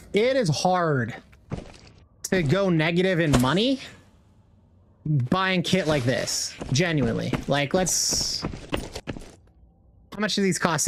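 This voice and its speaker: A man's voice: high voice, background noise. A young man streaming a game, chatting casually in a rambling, slangy way with lots of swearing. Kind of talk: casual chat while gaming.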